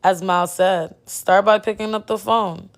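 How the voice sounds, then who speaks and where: A woman reading the lines of a calm counselor who speaks in a gentle, encouraging way. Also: medium pitch, measured pace, natural voice. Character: calm counselor leading a family session.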